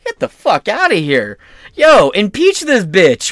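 A man's voice: a little high, very animated, fast talker, a bit bright, dry recording, faint music behind. A man hosting a podcast, ranting in crude, profane, sarcastic political commentary into a close mic. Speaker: podcast host.

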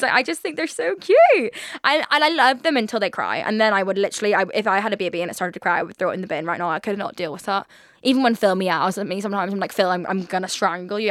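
Chatty twenty-year-old woman, fast and dry. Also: mid-range voice, a bit bright, dry recording. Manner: chatty, swears freely, frequent fillers. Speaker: podcast host. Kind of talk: casual solo podcast chat. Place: London.

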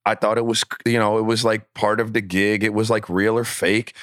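Low-voiced man explaining himself earnestly. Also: level tone, moderate pace, fairly bright tone, no echo, clean studio sound. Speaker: podcast co-host, former player. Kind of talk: casual sports podcast chat.

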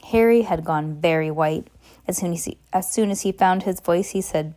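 A woman's voice: fairly low pitch, normal speed, dark tone. Woman reading aloud with stumbles. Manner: stumbling, self-correcting reading. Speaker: reader. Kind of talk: amateur audiobook narration.

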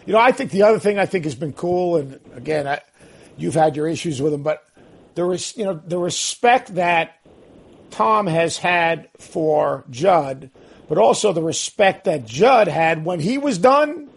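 A man's voice: on the high side, animated, a little slow, creaky, breathy edge. A man co-hosting a casual basketball talk show, telling stories in an emphatic way. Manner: emphatic, storytelling. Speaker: basketball analyst and co-host.

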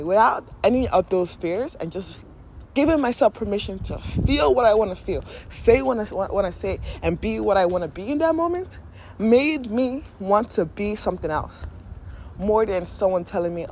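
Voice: mid-range voice, lively intonation, normal speed, a little mellow, a little hiss or hum. A podcast host talking candidly and emotionally in a casual spiritual monologue, often laughing and acting out inner voices.

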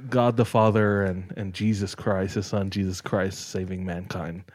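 Relaxed and storytelling, this young podcast co-host fills his casual chat with "like" and "dog." He speaks low at a normal speed with little pitch movement and a slightly mellow tone, and there's no room sound.

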